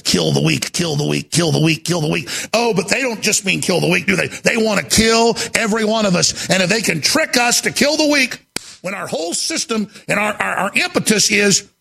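Male talk radio host, frantic ranting delivery, bright gravelly rasp, high-pitched. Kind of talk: impassioned on-air monologue.

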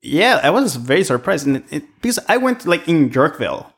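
A man's voice: fairly high pitch, big pitch swings, a little fast, creaky, a bit bright, breathy edge. A man chatting casually, telling stories about restaurant work in a rambling way. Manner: rambling storyteller. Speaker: restaurant worker, podcast guest. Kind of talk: casual chat.

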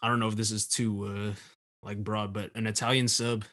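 A man co-hosting a podcast in casual chat, relaxed and jokey with some hesitation. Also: lowish voice, brisk. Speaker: podcast co-host.

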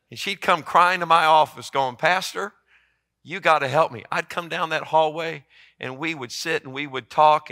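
Male pastor, fervent church sermon, bright, slightly raised voice. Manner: impassioned, rising to loud emphatic peaks then dropping low.

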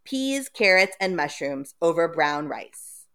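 A woman co-hosting a podcast, retelling a story in an animated, giggly way. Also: lowish voice, a little slow. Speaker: podcast co-host recapping a book. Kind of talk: casual comic retelling.

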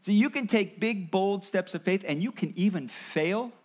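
A man's voice: high voice, moderate pace. A man preaching a sermon, explaining and acting out quoted voices as he goes. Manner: animated, acts out voices of parents and Jesus. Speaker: pastor.

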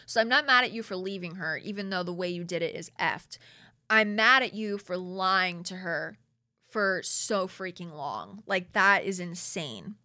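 A young woman in her twenties hosting a casual solo recap, animated and exasperated, peppering her talk with "like" and blunt slang. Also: medium pitch, no echo, clean studio sound. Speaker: podcast host recapping a reality show.

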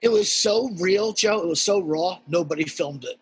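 Man, podcast guest, animated profane storytelling, high voice, husky. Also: moderate pace, in a large hall. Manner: animated storytelling, heavy swearing, acts out the characters. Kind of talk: casual podcast chat.

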